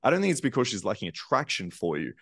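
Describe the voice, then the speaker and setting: A man's voice: lowish voice, wildly swooping pitch, fast, fairly bright tone, dry recording, clean studio sound. A male dating coach on a panel who asks probing questions in a casual, profane way, full of fillers.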